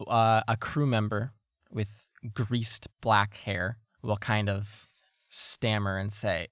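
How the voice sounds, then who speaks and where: A man narrating as game master of a tabletop role-playing game, relaxed with many fillers. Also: on the low side, takes it slowly, vocal fry, no room sound, clean studio sound.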